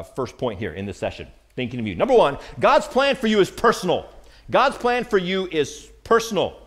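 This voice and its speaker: Lively preacher man with a wide-ranging voice. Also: on the high side. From United States. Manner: animated, acts out Bible characters' lines. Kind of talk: sermon.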